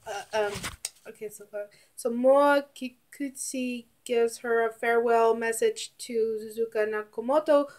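High-voiced woman rambling through a reaction. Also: a little hiss or hum. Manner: rambling and filler-heavy, fighting back tears. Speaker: YouTube reactor. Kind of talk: casual reaction commentary.

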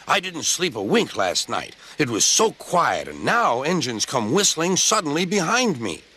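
A man acts out a large, red-faced policeman in a storybook reading, cross and blustering. The voice is pushed up a little, bright, and strict in tone. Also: fairly high pitch, sing-song, a little slow, husky, voice pushed up, full character voice. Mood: stern. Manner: blustering, stern, sputtering.

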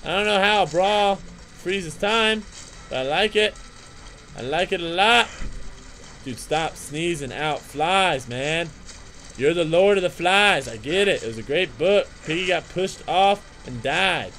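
A young man hosting a let's play, commenting on his game with excitable trash talk, jokey asides and sing-song chanting. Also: on the high side, a little slow, slight background noise. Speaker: gaming channel host.

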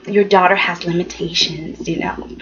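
A woman putting on the voice of a condescending young woman, speaking lower and in a dismissive, mocking tone. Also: steady tone, moderate pace, a bit bright, dull audio, lightly acted.

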